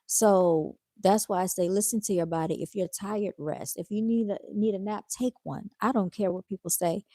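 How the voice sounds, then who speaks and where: A woman chats with her livestream viewers in a laid-back, tired way, calling them y'all and reading their comments aloud. Her voice sits at an ordinary middle pitch, and the sound is dry, with almost no room echo. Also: normal speed, mellow. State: tired, yawning. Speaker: livestream host. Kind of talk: casual livestream chat.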